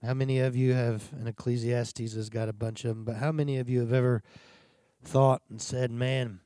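A man's voice: mid-range voice, little pitch movement, moderate pace, mellow. A man delivers a sermon in an earnest, confessional manner, stopping to sigh and gather himself between thoughts. His voice sits in an ordinary middle register. The sound is close and dry, with no room echo. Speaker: preacher.

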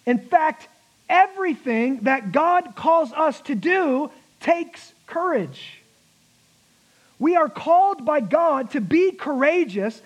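A pastor preaching a sermon, emphatic, with laughing asides and slowed-down key words. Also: male voice, very high-pitched, rough recording.

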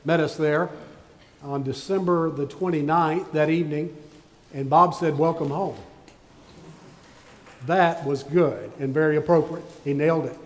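A man's voice: fairly high pitch, in a large hall. A man preaching a sermon as pastor, folksy and joking as he tells stories to his congregation. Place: church sanctuary.

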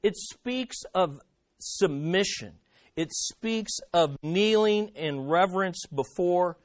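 A pastor preaching a sermon, questioning the congregation and repeating key words emphatically. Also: male voice, fairly high pitch, a little slow, no room sound.

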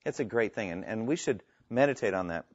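A man's voice: on the low side, animated, fairly quick, no room sound. Earnest male Bible teacher, dry dull sound. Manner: earnest and emphatic, reads scripture aloud and explains it. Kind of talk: Bible teaching to a live class, taking questions.

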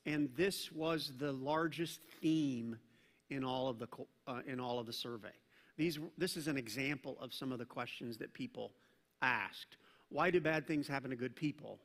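A male pastor preaching a sermon in a conversational, animated way, with casual asides to the congregation. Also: fairly high pitch, normal speed. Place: church sanctuary. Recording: reverberant church hall.

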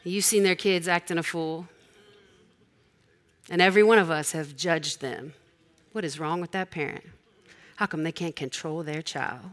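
A woman's voice: low voice, moderate pace, long pauses. A woman in her forties preaching a sermon, telling stories in a conversational, humorous way.

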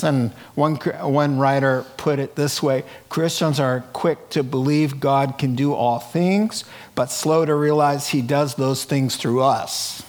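A man's voice: medium pitch, steady tone, slow pace, hardly any pauses, a little mellow. A man preaching a conversational sermon to a live congregation in a church, asking rhetorical questions and often adding "right?". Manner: chatty, asks rhetorical questions, frequent "right?". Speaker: pastor.

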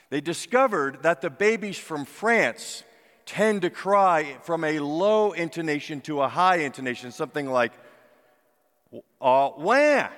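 A man preaching a sermon, slow and reflective, his voice dropping soft at the ends of phrases. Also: a little high. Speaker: pastor. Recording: long hall reverb.

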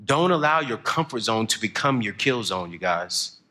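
A young man, preaching a motivational sermon, telling stories and building to shouted emphasis. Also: fairly low pitch, lively intonation, normal speed.

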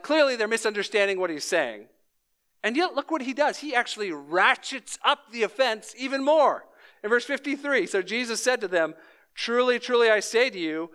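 A man delivers a sermon from the pulpit, walking through his argument in a steady, explanatory way. His voice sits high for a man and comes across smooth and crisp. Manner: explanatory, measured preaching with occasional fillers. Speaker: pastor.

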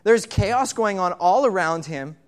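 A pastor in a church sanctuary speaks conversationally during his sermon, questioning and engaging the congregation. He has a high voice with lively intonation, talks a little slowly, and frequently repeats words as he begins phrases.

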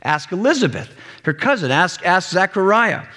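A man's voice: sits high, sing-song, moderate pace, bright, forceful tone, exaggerated voice. A man playing personified water, giving matter-of-fact testimony on a witness stand in a sermon. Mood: testifying. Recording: echoey hall reverb.

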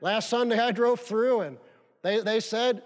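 A man's voice: high voice, fairly even intonation, unhurried. A male pastor preaching a sermon, emphatic and fond of repeating key phrases for stress. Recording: long reverb of a large hall.

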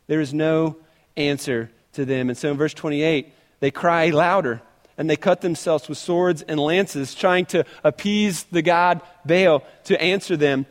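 A man with a high voice preaching a sermon, moving between scripture reading and lively retelling. He often repeats himself as he talks. His voice rings with a long reverb. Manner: animated preaching, reads scripture aloud, repeats words.

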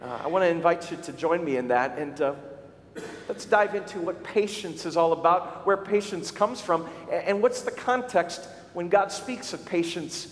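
A male pastor preaching a sermon, telling stories with animated shouts for emphasis. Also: high-pitched, normal speed, a little hiss or hum. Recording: echoey hall recording.

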